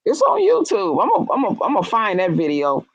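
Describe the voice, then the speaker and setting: A woman telling stories in casual chat, with swooping pitch whenever she acts out what someone said. Her speech is blunt and salty, and the sound is dry and close with no room around it. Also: fairly quick, dry recording, highs cut off. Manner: animated storyteller, acts out quotes with big jumps in pitch; blunt and profane.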